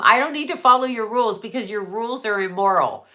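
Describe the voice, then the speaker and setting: A woman's voice: mid-range voice, lively intonation, brisk, hardly any pauses, pushed and bright. A middle-aged woman ranting on a live stream, blunt and profane, laughing often and jumping from topic to topic. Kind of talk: casual live stream chat.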